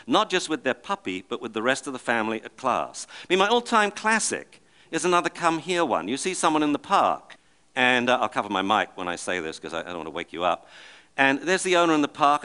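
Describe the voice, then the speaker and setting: A middle-aged man giving a talk to an audience, telling lively stories and acting out the voices in them. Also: medium pitch, smooth. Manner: animated, acts out the voices of the people and dogs in his stories. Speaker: speaker giving a public talk.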